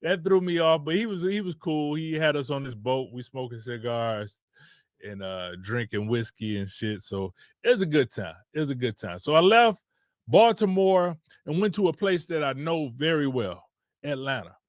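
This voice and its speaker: A man's voice: on the high side, lively intonation, normal speed, dry recording, studio quality. A man from Detroit, a podcast host, telling a casual rambling story with loose restarts.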